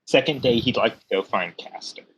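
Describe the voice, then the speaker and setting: A man's voice: mid-range voice, fairly quick, a bit bright, slight background noise, rough recording. A man playing in a tabletop game, describing his character's actions in a casual way. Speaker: player.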